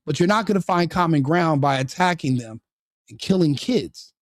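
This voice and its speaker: A man's voice: on the high side, lively intonation, moderate pace, no room sound. A man hosting a live stream, giving opinionated commentary full of rhetorical questions and repeated restarts. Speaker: streamer host.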